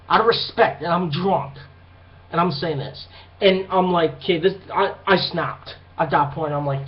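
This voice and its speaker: A man's voice: a little high, moderate pace, dull audio. A young man telling a rambling, profane story in a casual monologue, acting out the people in it. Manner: profane, rambling, animated retelling. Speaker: vlogger.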